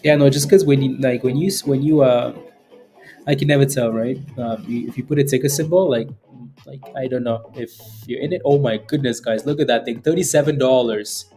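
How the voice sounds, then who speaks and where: A man streams live, reading viewer questions and talking through prices in an easy, rambling way with plenty of fillers and repeated phrases. His voice is mellow and dark, sitting at an average pitch. Faint music plays underneath. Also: fairly even intonation, brisk. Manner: chatty, laughs often, repeats phrases, many fillers. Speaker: stock trading livestream host. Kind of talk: casual live commentary answering chat.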